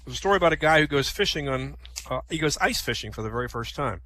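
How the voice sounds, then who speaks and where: A man hosting a comedy night, telling stand-up jokes, laughing at his own punchlines and often clearing his throat. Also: fairly high pitch, animated, fast talker, bright, forceful tone.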